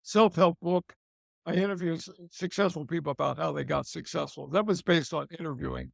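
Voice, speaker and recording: A man's voice: a little high, sing-song, a little fast, gravelly, no echo. An older man being interviewed about his career, chatting casually and repeating phrases for emphasis. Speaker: interview guest, TV host and author.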